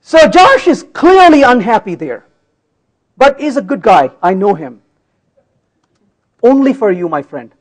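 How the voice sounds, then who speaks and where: Man, very high voice, lively, playful conference speaker, live coding. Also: measured pace, pauses often, rough recording. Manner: playful, teasing the audience, asks frequent checks. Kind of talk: live-coding tech talk. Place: conference hall.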